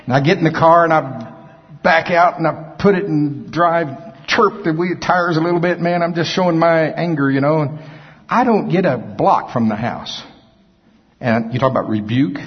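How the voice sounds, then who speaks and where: Brief: male pastor, husky, folksy and self-mocking; sermon from a reverberant hall, lo-fi. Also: on the high side. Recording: echoey hall, dull lo-fi sound.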